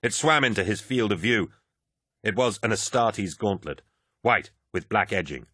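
A man's voice: lowish voice, lively intonation, normal speed, fairly bright tone, husky, no room sound, studio quality. A man narrating a military science fiction audiobook, reading battle scenes dramatically. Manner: dramatic, vivid action reading.

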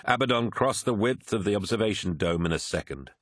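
A man narrating a dramatic audiobook in a steady, measured way. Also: on the low side, no echo, studio quality.

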